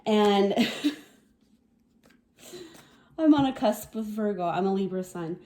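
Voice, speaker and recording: Woman tarot reader, mellow dark voice, emotional and sniffly, casual reflective delivery. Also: mid-range voice, expressive, slow pace. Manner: soft-spoken, emotional, reflective, with sniffles and laughs. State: teary, sniffling. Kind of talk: casual tarot reading to camera.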